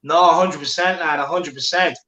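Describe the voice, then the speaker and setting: A man hosts a live football watchalong in a chatty, bantering way, reading out viewer comments as he goes. His voice sits fairly high for a man. The room has a noticeable echo. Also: fairly even intonation, a little fast, background noise. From Ireland. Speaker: watchalong host.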